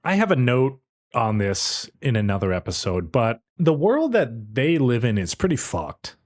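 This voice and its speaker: A man co-hosting a podcast, reviewing an anime episode in a casual, animated way, swearing and using lots of fillers. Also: medium pitch, moderate pace. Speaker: podcast co-host.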